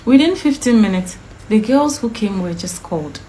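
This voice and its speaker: A woman's voice: mid-range voice, expressive, normal speed, warm tone, a little hiss or hum, poor audio. A woman vlogger telling a personal story to camera in an indignant, emphatic way, firing off repeated questions.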